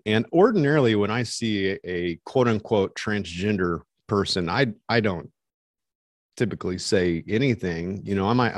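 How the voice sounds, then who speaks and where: A man's voice: on the low side, dry recording, studio quality. A man telling a long story as an interview guest, rambling with many fillers and restarts. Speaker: interview guest, street evangelist. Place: Montana resident.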